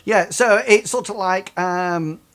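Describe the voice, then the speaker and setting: A man's voice: high-pitched, slow, fairly bright tone. A man running a tabletop game as game master, narrating combat with many hesitations.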